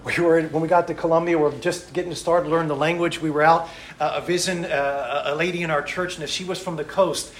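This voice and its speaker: Male missionary preacher, high voice, story-driven sermon, echoey hall. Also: fairly quick. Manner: animated, acts out quotes. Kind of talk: sermon with stories.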